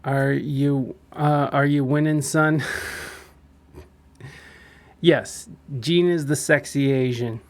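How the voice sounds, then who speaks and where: A man's voice: mid-range voice, steady tone, slow, long pauses. A man hosting a casual podcast, laid-back and profane, laughing often as he reacts to a clip. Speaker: podcast host.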